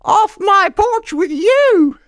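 A man's voice: animated, takes it slowly, no echo, studio quality, heavily acted. A man voicing a drunken, furious older woman with a Cotswolds accent, screeching her lines in an improvised comedy story. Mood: screaming. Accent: Cotswolds English. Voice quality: shrill, screeching shout.

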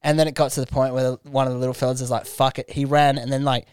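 A man's voice: medium pitch, little pitch movement, fast, darkish tone, smooth, dry recording, studio quality. A young Australian man hosting a podcast, telling crude, laughing anecdotes in casual chat. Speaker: podcast host. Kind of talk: casual storytelling.

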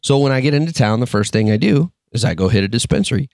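A man from Michigan co-hosting a podcast, telling stories in casual chat, animated and swearing as he acts out quotes. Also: mid-range voice, fast talker, vocal fry, dry recording, clean studio sound. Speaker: podcast co-host.

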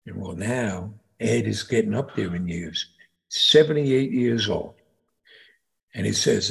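A middle-aged man from New York co-hosts a casual chat, telling jokes and reading out news stories. His voice has a gravelly fry, and he tells stories with animated energy. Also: mid-range voice, unhurried. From New York, USA. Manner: animated storyteller, reads stories aloud. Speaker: podcast co-host, father.

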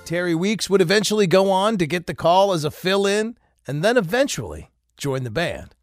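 A man hosting a podcast, narrating between interview clips in a lively way. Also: high voice, normal speed, no room sound, soft background music. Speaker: host.

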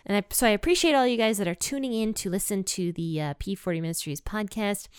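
A woman from the United States hosts a casual Bible podcast from home, talking in a friendly, upbeat way and laughing easily. Her voice is smooth and clear, recorded close and dry with no room sound. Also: mid-range voice, fast talker, dry recording. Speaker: podcast host. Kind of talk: casual Bible podcast chat and scripture reading.

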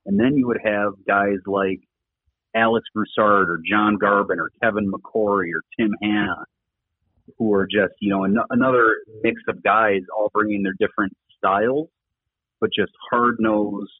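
A man's voice: fairly low pitch, normal speed, husky, no echo. A middle-aged man, a former coach, talking earnestly in a rambling interview with lots of fillers. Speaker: former rugby coach, podcast guest. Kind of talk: casual conversational interview talk. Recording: tinny phone-line audio, dry.

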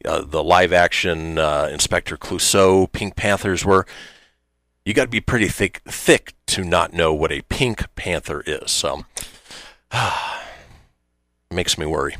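A man's voice: low voice, slow pace, fairly bright tone, no echo, studio quality. A man hosting a radio talk show, talking loosely and wryly with lots of "uh" fillers. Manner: loose and conversational, many uh fillers, wry.

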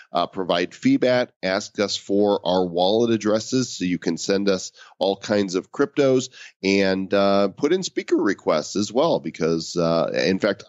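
A man co-hosting a casual podcast, talking in a relaxed, rambling way with plenty of fillers. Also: deep voice, no echo, dull audio. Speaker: podcast co-host.

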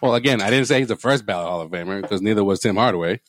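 A man's voice: lowish voice, very fast, a little hiss or hum. A man hosting a casual sports talk show, leading the segments and teasing his co-hosts. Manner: teasing, playful, leads the segments. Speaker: podcast host reading topics.

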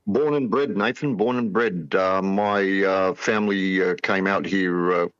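A man's voice: low-pitched, fairly even intonation, unhurried, fairly bright tone, smooth, dry recording. A middle-aged Australian man, a project founder, speaking hesitantly with many fillers as a guest over a muffled remote call. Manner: hesitant, many ums and uhs.

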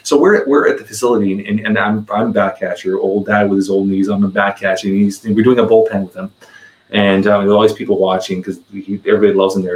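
A man's voice: fairly low pitch, a little mellow, reverberant, poor audio. A man in his forties, a podcast guest, telling a story in casual conversation, rambling and repeating words as he goes.

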